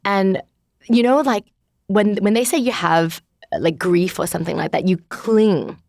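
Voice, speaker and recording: A woman's voice: medium pitch, measured pace, creaky, darkish tone, no echo, clean studio sound. A woman in her thirties, a guest in an interview, talking candidly and searchingly about her life with many filler words. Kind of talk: reflective personal conversation.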